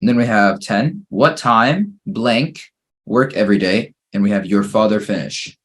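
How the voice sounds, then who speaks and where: A man's voice: on the low side, measured pace, a bit bright. A man teaching an English grammar lesson, patiently working through fill-in-the-blank exercises and praising each answer.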